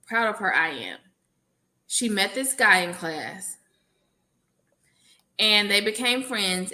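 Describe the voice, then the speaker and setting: A woman's voice: medium pitch, bright, forceful tone. A woman educator reading an advice letter aloud on a panel, adding playful asides.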